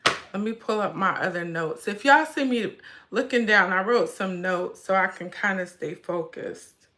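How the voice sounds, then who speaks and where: A woman in her 40s hosts a casual handbag livestream, speaking at medium pitch with a bright, forceful tone and no rush. She's chatty and emotional, calling her viewers "y'all" while fighting back tears.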